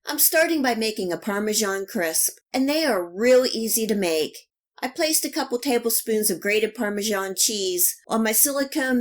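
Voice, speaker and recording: A woman hosting a cooking channel, giving calm, even, step-by-step recipe instructions in a scripted voice-over. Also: mid-range voice, normal speed.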